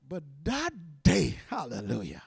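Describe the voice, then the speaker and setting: High-voiced, slow emphatic male preacher. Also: wildly swooping pitch, gravelly, breathy edge, no room sound, clean studio sound. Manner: emphatic preaching with repetitions and restarts; soft hushed prayer. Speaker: guest preacher. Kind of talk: sermon with prophetic word and prayer.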